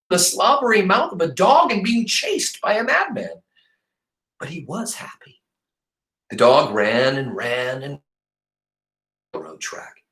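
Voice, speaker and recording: A male teacher reading a novel aloud to his class in an expressive, animated way. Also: on the high side, reverberant.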